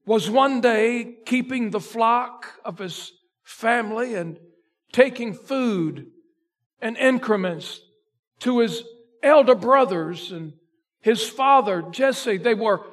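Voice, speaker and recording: A male pastor preaching a sermon, retelling a story dramatically and swinging between loud emphasis and a near hush. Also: very high-pitched, lively intonation, takes it slowly.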